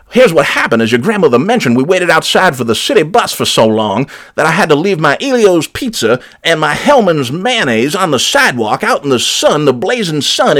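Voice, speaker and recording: A man's voice: a little high, sing-song, moderate pace, hardly any pauses, fairly bright tone. A man doing a sputtering, swearing uncle. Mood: furious. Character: ranting angry uncle, former baseball announcer. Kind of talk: prank voicemail comedy.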